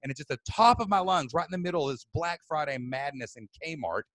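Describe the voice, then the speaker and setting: A man, a podcast host telling a story loudly and excitably, then turning it into marketing advice. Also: on the high side, dry recording. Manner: loud, excitable, fast-moving. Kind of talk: animated storytelling.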